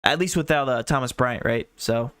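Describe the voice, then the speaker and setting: A man co-hosting a casual sports podcast, sounding nasal from a cold, with quick teasing banter. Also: medium pitch, sharp tone, no echo, studio quality. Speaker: co-host.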